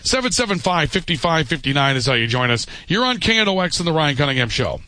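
A man's voice: on the high side, sing-song, fast, bright, forceful tone, dry recording. A man hosting a talk radio show, giving blunt, opinionated takes and reading out listener texts. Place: radio studio. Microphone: studio microphone.

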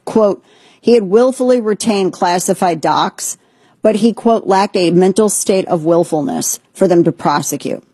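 A woman's voice: medium pitch, unhurried, warm tone, breathy edge, no room sound. A woman hosting a political commentary show, talking in an indignant, sarcastic, emphatic way. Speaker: host.

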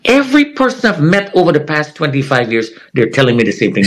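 A middle-aged man giving an earnest, emotional personal testimony as an interview guest, with dramatic pauses. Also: medium pitch, sing-song, poor audio.

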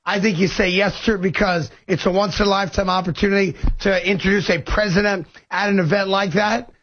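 A high-pitched man speaks in a clip of sports radio commentary, lecturing and driving his points home. The clip sounds a little muffled and lo-fi. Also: steady tone, a little fast. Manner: lecturing, emphatic.

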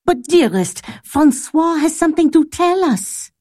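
A gentle, affectionate noble mother in a radio drama. Her voice is mellow and a little high, with lively rises and falls. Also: unhurried, dry recording, studio quality.

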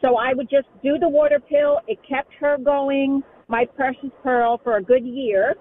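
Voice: high voice, fairly even intonation, a little slow. A caller to a radio talk show, speaking in a heartfelt, rambling way. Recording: phone line with faint noise.

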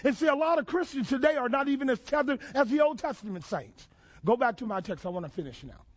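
A man preaching a sermon, asking the congregation questions and building to shouted phrases. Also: extremely high pitch, animated, fast. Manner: preaching with call-and-response questions and rising shouts. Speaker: pastor.

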